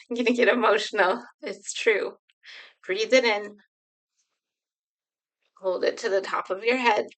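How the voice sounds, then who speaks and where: A woman leading a slow, soothing guided healing exercise, speaking directly to viewers from home. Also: mid-range voice, sharp tone, rough recording. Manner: slow, soothing, repetitive guidance. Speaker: healing coach.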